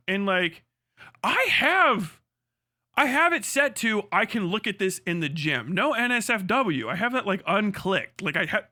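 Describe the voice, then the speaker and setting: A high-pitched, bright male streamer rants in a loose, profane way, laughing often and slipping into mocking voices. He is close to the mic in a dry, dead room. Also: no echo. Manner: animated, profane, quick to laugh, mimics voices. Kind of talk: casual livestream rant.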